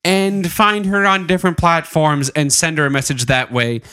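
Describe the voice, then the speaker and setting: A man's voice: fairly high pitch, steady tone, moderate pace, sharp tone, smooth, no echo. A man co-hosting a comedy podcast, chatting casually in a playful, loose way. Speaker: podcast co-host.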